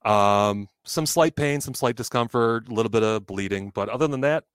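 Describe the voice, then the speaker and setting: A man's voice: medium pitch, moderate pace, clean tone, dry recording. A middle-aged man telling a funny story in casual chat, acting out the other people's lines and swearing now and then. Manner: animated, acts out quoted voices, swears.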